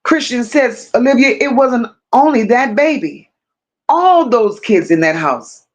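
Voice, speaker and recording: A woman hosting a live stream, reading viewer comments aloud and answering them, who talks slowly, repeats phrases for emphasis and speaks to her viewers like close friends. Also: fairly high pitch, lively intonation.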